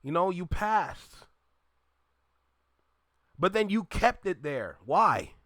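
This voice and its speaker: Man, reaction host, emphatic, preachy, fairly high voice, dry close sound. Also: big pitch swings, takes it slowly, fairly bright tone, dry recording. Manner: emphatic, preachy, addresses listeners as y'all. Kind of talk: reaction commentary.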